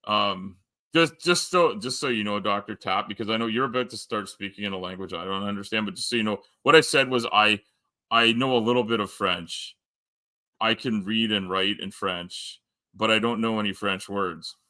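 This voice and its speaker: A man's voice: lowish voice, normal speed, sharp tone. A Canadian man with a Canadian accent hosting a casual live-stream chat, rambling and joking with lots of fillers. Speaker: host.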